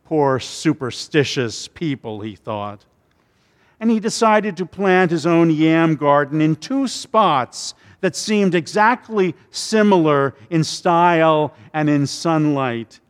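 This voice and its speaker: Male pastor preaching, slow and halting, echo of a big church hall. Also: fairly high pitch, expressive, clean tone. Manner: halting, with repeated words and restarts. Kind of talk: sermon.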